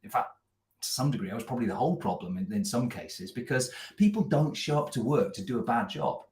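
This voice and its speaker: A man's voice: medium pitch, sing-song, fast talker, darkish tone. Chatty man in an echoey room. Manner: chatty, self-deprecating, many fillers. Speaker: co-host, business coach. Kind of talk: casual live-stream chat. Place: office.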